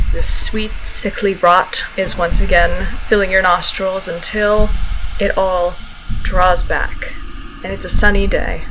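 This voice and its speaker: A woman's voice: lowish voice, rough recording. Woman narrating as game master. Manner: quick, playful narration with laughter.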